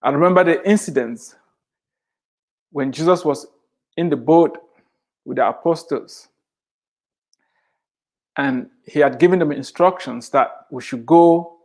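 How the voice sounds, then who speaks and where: A middle-aged man giving a devotional sermon, speaking emphatically and repeating scripture lines for emphasis. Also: a little high. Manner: slow, emphatic preaching with drawn-out phrases. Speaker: Christian author and speaker.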